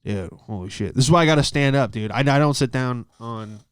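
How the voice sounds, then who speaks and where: A male comedian riffs loosely and swears freely, wandering off topic and then circling back. His voice is smooth and clear. It sits close to a mic in a dry room. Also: medium pitch, brisk, no echo. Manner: rambling, profane, loses his train of thought. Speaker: stand-up comedian and podcast host. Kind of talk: casual comedic monologue.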